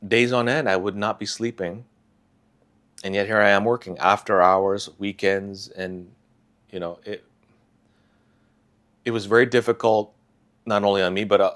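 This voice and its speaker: A man speaking softly and haltingly, with sighs and restarts, as he tells a personal story in a confessional vlog. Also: on the low side. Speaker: vlogger sharing a personal story.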